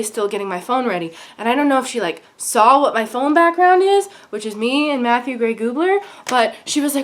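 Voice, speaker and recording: Hyperactive young woman gushing fast. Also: a little high. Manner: hyperactive, gushing, breathless fangirl excitement. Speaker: vlogger. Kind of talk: excited storytelling vlog. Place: home.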